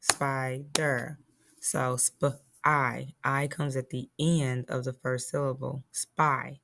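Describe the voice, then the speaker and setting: A woman's voice: a bass voice, flat delivery, slow pace, creaky, a bit bright, slight background noise. A woman teacher giving a phonics lesson to young children, patiently spelling and sounding out words.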